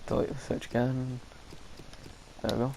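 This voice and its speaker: A man's voice: mid-range voice, flat delivery, moderate pace, creaky, dark tone, a little hiss or hum, low-quality recording. A man, thinking aloud as he commentates his gameplay, hesitant and full of restarts, with an occasional cough. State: coughing now and then. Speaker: gaming commentator.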